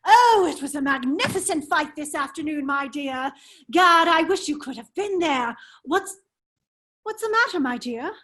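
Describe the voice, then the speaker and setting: A woman's voice: very high voice, fairly bright tone. A woman reading the part of a foppish, giggling English aristocrat at a virtual table read of a radio play, with affected, silly laughter. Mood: cheerful. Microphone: video call.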